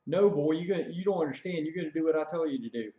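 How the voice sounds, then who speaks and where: A man voicing a loud, aggressive male army drill sergeant who taunts a recruit. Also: on the high side, racing, close to an everyday voice. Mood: taunting. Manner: yelling, taunting, bullying. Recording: dull echoey room recording.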